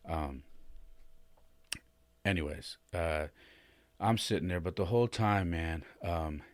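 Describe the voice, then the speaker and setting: A man's voice: sits low, slow, no room sound. A podcast host, a man, telling a personal story in a rambling, casual way, with many restarts and repeated "man". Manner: rambling, many restarts and "man", rising and louder when emotional.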